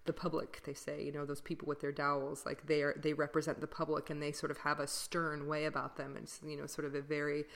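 A woman's voice: sits low, monotone, fast, vocal fry, few pauses. A woman who sings classical music, co-hosting a podcast in casual chat, rambling with fillers and laughing often. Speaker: podcast co-host, classical singer.

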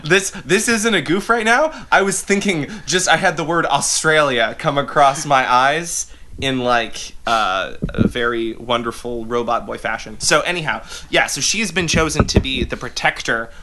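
Bright-voiced rambling man podcaster. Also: medium pitch, normal speed, slight background noise. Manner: rambling, profane, full of fillers. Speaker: podcast co-host. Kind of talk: casual comedic chat.

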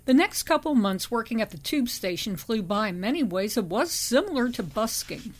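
A woman narrating a first-person memoir audiobook in a steady, measured reading voice. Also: on the high side.

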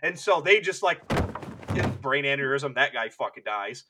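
A man's voice: medium pitch, expressive, normal speed, background noise. A man co-hosting a podcast, retelling lore in rambling, filler-heavy, profane casual chat. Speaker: podcast co-host.

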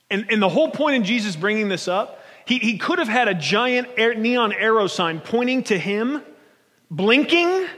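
A man preaching a sermon from the pulpit, his voice sitting a little high. He talks in a loose, conversational way and keeps checking in with the congregation. The church hall carries a long, lingering reverb. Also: a bit bright. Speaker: pastor. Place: church sanctuary.

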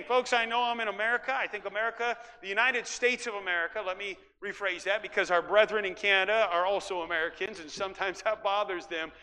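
A middle-aged man from Iowa preaching a sermon as pastor, emphatic and folksy, rising at times to shouts. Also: sits high, steady tone, brisk, few pauses. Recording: long hall reverb.

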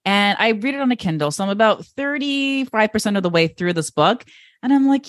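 A woman hosting an interview podcast, talking in an upbeat, animated way. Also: mid-range voice, brisk, no echo, clean studio sound. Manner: lively, upbeat, animated storytelling. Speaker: podcast host.

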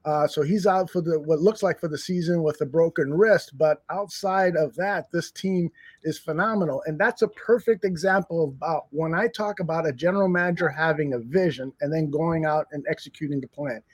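A man hosting a sports talk show, earnest, talkative and animated. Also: a little high, moderate pace, slightly rough, no echo.

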